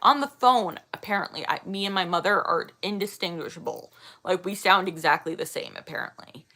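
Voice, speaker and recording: A woman's voice: fairly low pitch, expressive, brisk, bright, forceful tone. A woman in her thirties chatting casually with her viewers, rambling and laughing often. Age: 30s. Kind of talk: casual chat reading viewer comments.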